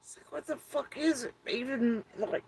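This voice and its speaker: A man's voice: very high-pitched, normal speed, creaky, slight background noise, poor audio. A middle-aged man talking to his YouTube audience in a casual, wry and meandering way, swearing freely. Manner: profane, wry, meandering with fillers. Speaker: YouTube commentator. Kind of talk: casual rambling monologue.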